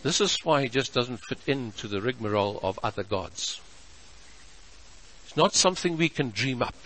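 A man preaching a sermon as pastor, measured and emphatic, stretching out his key words. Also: mid-range voice, expressive, a bit bright, a little hiss or hum, poor audio. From South Africa.

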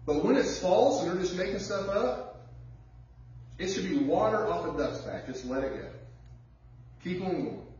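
A pastor preaching a sermon in a conversational way, drawing out words for emphasis and telling personal stories. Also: male voice, medium pitch, darkish tone, slight background noise. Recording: echoey church heard from far off, dull sound.

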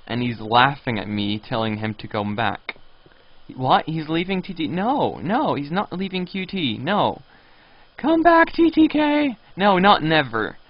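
A young man live-streaming a game and chatting with viewers in a playful, teasing way, now and then breaking into high squealing pleas. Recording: dull lo-fi stream audio.

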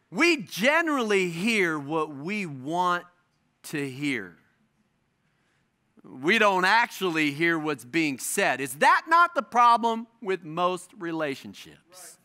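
A middle-aged male pastor preaching a sermon, stressing his points with repetition and dramatic pauses. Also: sits high, bright, forceful tone, smooth.

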